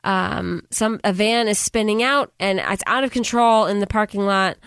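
Woman recapping a movie, lots of ums, smooth clear voice, dry close sound. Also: medium pitch, normal speed, a bit bright, no room sound. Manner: chatty, lots of fillers and quoted voices. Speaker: podcast co-host. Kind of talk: casual chat recapping a film.

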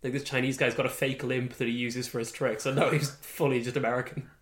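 Man of middling pitch, chatty anecdote-teller; recorded in a noticeably reverberant room. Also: quick pace. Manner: rambling, animated retelling with quoted voices. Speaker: podcast co-host. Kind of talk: casual chat. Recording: echoey room.

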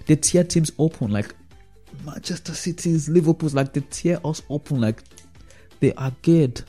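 A man's voice: a little high, moderate pace, mellow, husky, faint music behind. A man giving a casual, rambling opinion monologue about football as a fan vlogger, often checking in with the listener through tag questions.

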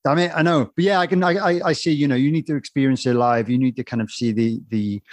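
A man with a middle-pitched voice hosts a casual interview. He rambles eagerly and says man often. The sound is dry and close. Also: fairly even intonation, quick pace, dry recording.

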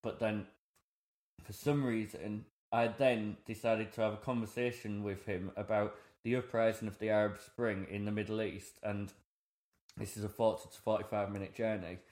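Young man, low-pitched, self-mocking storyteller, echoey room. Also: little pitch movement, moderate pace, a little mellow. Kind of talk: casual chat.

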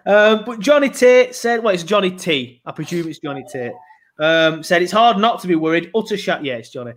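A man's voice: sits high, expressive, a little fast, a bit bright. A man co-hosting a podcast in casual chat, chatty and self-mocking, telling stories with animation. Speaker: podcast co-host.

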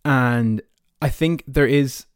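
An Irish man in his early twenties hosts a podcast, telling personal stories in a chatty, rambling style packed with fillers like "like" and "you know." His voice sits at a medium pitch and moves slowly, with a clean, echo-free, studio-quality tone.

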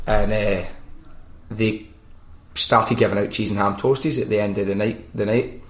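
A man's voice: fairly low pitch, normal speed. A Scottish man hosting a podcast, chatting casually and telling stories with plenty of swearing. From Scotland. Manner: sweary, animated storyteller. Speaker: podcast host. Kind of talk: casual chat. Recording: roomy echo.

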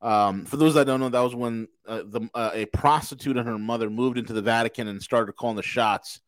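A man's voice: mid-range voice, steady tone, fairly quick, dry recording. A man hosting a casual political talk show, talking in a boisterous, profane, rambling way. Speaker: podcast host.

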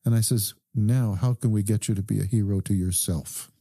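A man, a doctor guest on a podcast, calmly telling a story and quoting the people in it. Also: fairly low pitch, no echo, studio quality. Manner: calm, measured recounting with quoted dialogue. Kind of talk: conversational storytelling.

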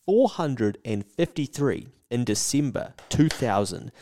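A man talks in a loose, blunt way on a podcast and swears freely. His voice sits at an ordinary middle pitch. He sounds like a co-host reading out a news item and then riffing on it. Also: expressive, a little slow, dark tone, slight background noise. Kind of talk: casual podcast chat.

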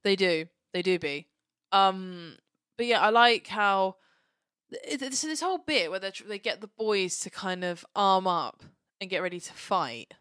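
A woman's voice: mid-range voice, lively intonation, measured pace, a bit bright, clean tone, no room sound. A woman co-hosting a podcast in casual chat, frank and chatty with dry asides. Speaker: podcast co-host.

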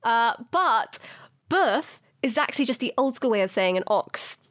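A young woman with a high, bright-pitched voice chats away as a podcast co-host, giggling and poking fun at herself. The recording is close and dry, with almost no room sound. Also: expressive, a little slow, no room sound. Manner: chatty, giggly, self-mocking. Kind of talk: casual chat.

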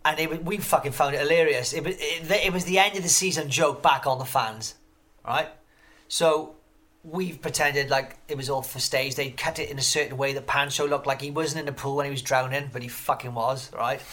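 A man's voice: on the high side, steady tone, fairly quick, pushed and bright. A man in a casual interview, telling rambling stories full of swearing and restarts. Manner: profane, rambling storyteller; swears constantly. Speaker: guest.

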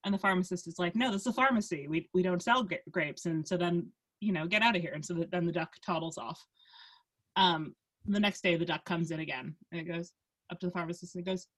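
A woman's voice: on the low side, fast talker. A woman co-hosting a casual podcast chat. She tells stories in a rambling way, with lots of laughter and restarts. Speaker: podcast co-host.

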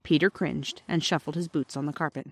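A woman narrating a classic children's story in a calm, measured way. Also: low voice, slightly rough, dry recording, clean studio sound. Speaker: audiobook narrator.

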